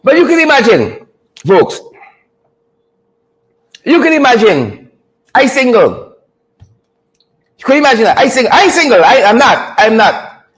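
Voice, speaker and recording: A man hosting a comedic commentary segment, teasing in a preacher-like way with drawn-out punchlines. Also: very high-pitched, very animated, poor audio. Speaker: show host.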